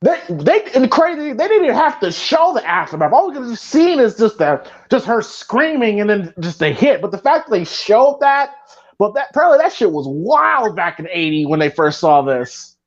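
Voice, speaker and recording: A man's voice: sits high, big pitch swings, moderate pace. A man co-hosting a live movie commentary podcast, talking animatedly and often repeating words while he thinks. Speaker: podcast co-host. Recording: dull lo-fi audio.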